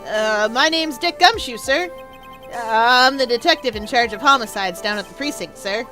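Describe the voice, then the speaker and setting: A woman's voice: on the high side, expressive, moderate pace, bright, forceful tone, faint music behind, pitched below the performer's own voice. A woman voicing a nerdy, eager male police detective who keeps saying sir, while playing a video game. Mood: earnest. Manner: nerdy, deferential, says sir a lot.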